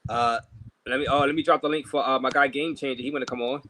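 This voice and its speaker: A man's voice: mid-range voice, steady tone, quick pace, background noise. A man hosting a casual livestream, thanking viewers and stumbling over repeated words while he drinks. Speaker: livestream host.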